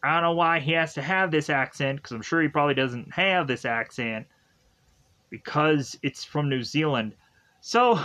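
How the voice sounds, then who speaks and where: A man's voice: fairly high pitch, normal speed, bright, forceful tone, rough recording. A young man giving a casual, rambling episode recap, full of fillers, asides and jokes. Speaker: show reviewer.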